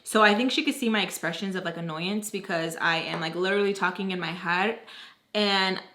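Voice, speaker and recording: A woman's voice: on the low side, brisk. A young woman telling a personal storytime to her viewers in casual slang, acting out the voices of the people in it. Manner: animated, acts out quoted dialogue. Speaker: vlogger. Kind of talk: storytime narration.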